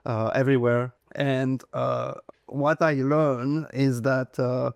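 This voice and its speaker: A man in his thirties with a French accent, a real estate agent chatting as an interview guest, hesitant with many fillers and quick to joke about himself. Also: medium pitch, flat delivery, gravelly, no echo. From France. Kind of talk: casual interview chat.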